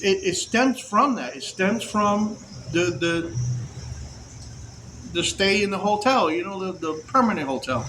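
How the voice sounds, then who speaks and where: A man with a fairly high voice tells a story casually, animated and full of swearing. He acts out the voices of the people he met. Faint room ambience sits behind him. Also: a little hiss or hum. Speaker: storyteller recounting prison release.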